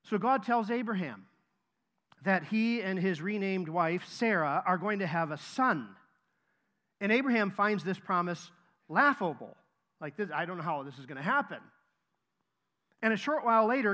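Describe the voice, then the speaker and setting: A man's voice: sits high, a bit bright. A man preaching a sermon to his congregation, emphatic and repeating key phrases for stress. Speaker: pastor.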